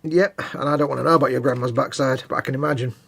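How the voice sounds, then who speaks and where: A man's voice: medium pitch, fairly even intonation, racing, creaky, a bit bright. A man co-hosting a hobby live stream, chatting casually and rambling, often trailing off mid-thought. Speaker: co-host of a model-building live stream. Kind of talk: casual chat.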